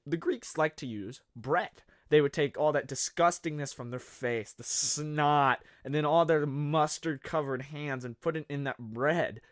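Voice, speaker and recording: A man with a fairly high voice narrates a comedy video with sarcasm and rambling jokes. His pitch swings widely from line to line, and the sound is dry and close, with no room echo. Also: fairly bright tone. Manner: sarcastic, jokey, rambling asides. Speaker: video host.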